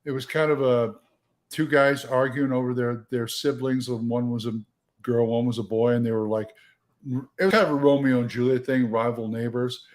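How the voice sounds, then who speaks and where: A man's voice: medium pitch, fairly even intonation, normal speed. A man co-hosting a livestream in casual chat, a rambling storyteller who restarts often. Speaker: livestream co-host.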